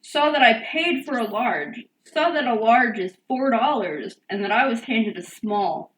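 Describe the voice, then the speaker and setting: A woman's voice: on the high side, unhurried. Chatty young woman, echoey far mic. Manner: animated, acts out quotes. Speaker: podcast co-host. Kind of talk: casual chat, storytelling. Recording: echoey room, distant mic, faint hiss.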